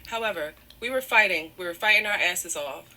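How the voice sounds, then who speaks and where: Woman near tears telling her story, bright edgy voice, keeps saying sorry and however. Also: on the low side, fairly quick. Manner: apologetic, repeats "however", digresses. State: close to tears. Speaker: guest telling her side of a breakup. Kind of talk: emotional personal storytelling.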